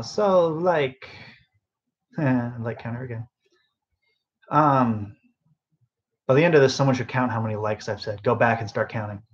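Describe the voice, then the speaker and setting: A man's voice: mid-range voice, dull audio. A young man telling a work story in a loose, rambling way, full of fillers and side remarks, sleep deprived, recorded on a phone sitting on a bedside table. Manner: rambling, lots of fillers and asides. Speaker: podcast host. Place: bedroom, phone on end table.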